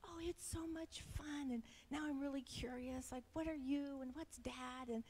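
A woman voicing her excited young adult daughter in a high, gushing voice. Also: moderate pace, a little hiss or hum, natural voice.

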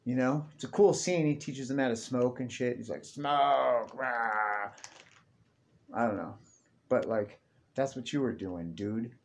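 A man's voice: mid-range voice, moderate pace, darkish tone. A young man ranting casually to camera, profane and rambling, tacking "dude" onto everything. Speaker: vlogger.

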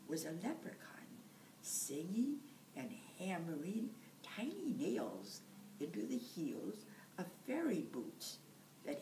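A woman's voice: lowish voice, far from the mic, background noise. A woman library storyteller reading a folktale aloud with expression, recorded from afar in an echoey room.

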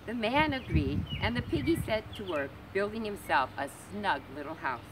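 A woman librarian reading a storybook aloud to children, gentle and expressive. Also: sits low, moderate pace, few pauses, noisy background. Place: community library.

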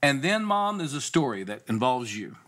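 In a casual talk show, a middle-aged male pastor tells a story with lots of animation, acting out the voices of people he quotes. His voice sits in the mid-range and moves at normal speed.

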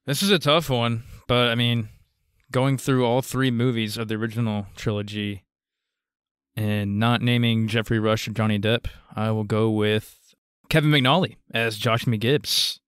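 Smooth-voiced man discussing movies. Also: mid-range voice, steady tone, a little slow, a bit bright, no room sound, clean studio sound. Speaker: podcast co-host.

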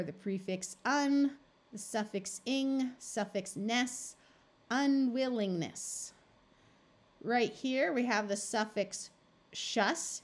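A woman tutor teaching a phonics lesson, explaining slowly and sounding out words syllable by syllable. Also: mid-range voice. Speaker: reading tutor.

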